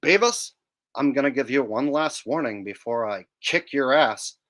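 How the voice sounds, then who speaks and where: A man doing an impression of a dumb, smug teen cartoon boy, sneering and bossy in a low drawl. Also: lively intonation, normal speed, a bit bright, lightly acted. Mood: threatening.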